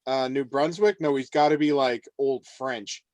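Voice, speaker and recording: A man's voice: mid-range voice, steady tone, normal speed, no room sound. A man player chatting playfully about characters for a game. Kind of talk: casual game prep chat.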